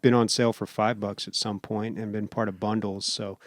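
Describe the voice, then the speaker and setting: A man hosting a casual gaming podcast, reading out game details in a relaxed way. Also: lowish voice, normal speed, no echo, studio quality. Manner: relaxed, reads out game info. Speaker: podcast host. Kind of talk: casual chat.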